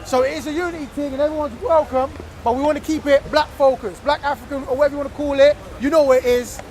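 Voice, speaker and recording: A man's voice: extremely high pitch, steady tone, fast talker, a little mellow. A man outdoors leading a street discussion, explaining and checking with "right?" and "innit?". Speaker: discussion facilitator.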